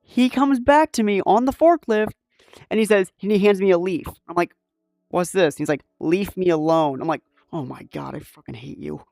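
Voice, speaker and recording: A man's voice: high-pitched, moderate pace, a little mellow, no echo, studio quality. A young man hosting a podcast, telling stories in casual chat, laughing often and swearing. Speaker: podcast host.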